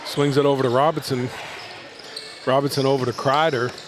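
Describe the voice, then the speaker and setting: A man gives live play-by-play of a basketball game, tracking each pass in a steady, medium-pitched running call. Bouncing balls and gym ambience come through clearly behind him. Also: noisy background. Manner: steady running call with quick self-corrections. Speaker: play-by-play announcer. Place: high school gym.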